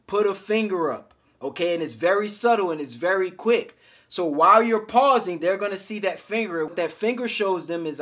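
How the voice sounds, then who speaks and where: A man's voice: sits high, animated, normal speed, a bit bright. A man giving casual, emphatic self-improvement advice straight to his viewers, calling them fellas. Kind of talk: direct-to-camera advice talk.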